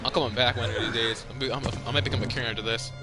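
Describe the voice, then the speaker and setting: A man at ordinary pitch rambles through a story on a podcast, swearing freely and stumbling over repeated words. His delivery is animated and loose, and music plays clearly behind him. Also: racing. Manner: animated, profane storytelling with frequent repetitions. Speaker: podcast host. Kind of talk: casual chat.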